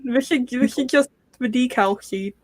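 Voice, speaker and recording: A woman's voice: high voice, moderate pace, dry recording. A woman chatting casually on a hobby livestream with a dry, joking manner.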